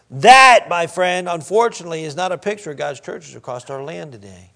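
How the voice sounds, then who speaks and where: In this church sermon, a pastor whose voice is pitched high for a man reads scripture with slow deliberation. His intonation is lively and creaky, falling to quiet asides before climbing back with emphasis.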